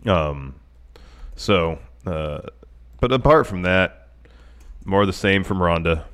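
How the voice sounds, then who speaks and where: A man's voice: low-pitched, lively intonation, takes it slowly, fairly bright tone, smooth. A man with a stuffy, congested cold, co-hosting a casual wrestling podcast in a matter-of-fact way. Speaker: podcast co-host.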